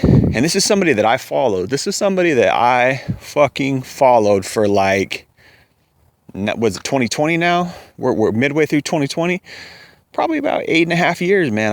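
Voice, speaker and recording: A man's voice: mid-range voice, gravelly, no room sound. A young man ranting in a heated, profane, rambling commentary as a vlogger.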